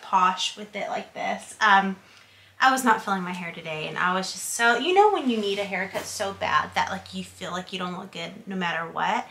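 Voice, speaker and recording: A young woman doing a relaxed home vlog, talking through her day in a bright, forward voice. She rambles, restarts and fills pauses with "um" and "like," and sometimes drops to a hushed whisper. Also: medium pitch. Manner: chatty, rambling, many fillers; whispers at times while baby naps. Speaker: vlogger. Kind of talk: casual vlog chat.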